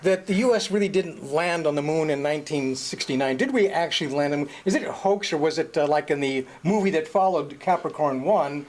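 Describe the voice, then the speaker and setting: A man interviewing in an improvised comedy show, telling rambling, deadpan stories. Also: fairly high pitch, fairly quick, few pauses.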